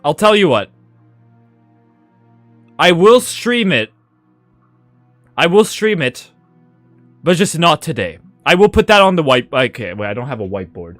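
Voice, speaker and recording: Animated, swearing male game streamer. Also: on the high side, brisk, no echo, soft background music. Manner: animated, swears, laughs a lot. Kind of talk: casual live-stream chat.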